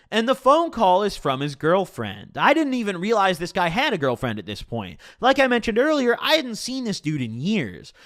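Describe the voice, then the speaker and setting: A young man telling a casual, profane story in his own voice. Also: high voice. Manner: casual and profane, animated retelling.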